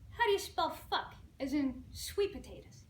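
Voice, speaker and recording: A man's voice: very high voice, sing-song, normal speed, a little hiss or hum. A woman voicing a polite young male grocery stock boy, patient and courteous, in a joke told to a class. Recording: echoey room from far off.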